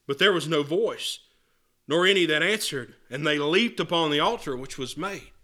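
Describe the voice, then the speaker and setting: Bright-voiced earnest male preacher. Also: fairly high pitch, expressive, moderate pace. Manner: earnest, repeats and restarts words, reads verses aloud. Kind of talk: sermon with scripture reading.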